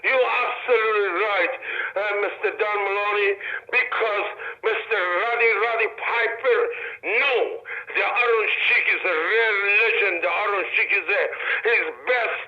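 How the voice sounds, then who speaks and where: An older man calls in over a dull, lo-fi phone line. His voice sits high, and his broken English is warm with gushing thanks and blessings. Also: unhurried. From Iran. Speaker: phone-in guest, retired wrestler. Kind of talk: phone interview. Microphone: telephone.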